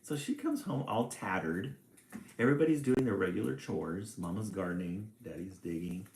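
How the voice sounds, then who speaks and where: A man reading a children's picture book aloud, with relaxed, chatty asides between passages. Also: low-pitched, normal speed, creaky, slight background noise. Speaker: storybook reader. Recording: echoey room.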